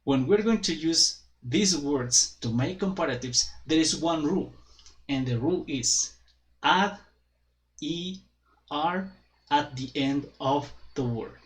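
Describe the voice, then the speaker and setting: Man teaching English grammar slowly. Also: fairly high pitch, poor audio. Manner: careful, deliberate, spells out examples. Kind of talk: slow explanatory grammar lesson.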